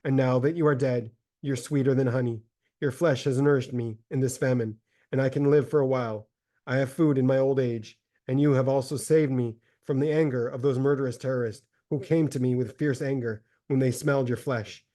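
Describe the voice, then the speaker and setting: A man voicing a starving, grief-mad mother in a solemn, measured dramatic reading of a religious text. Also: mid-range voice, fairly even intonation, warm tone, natural voice. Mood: grieving.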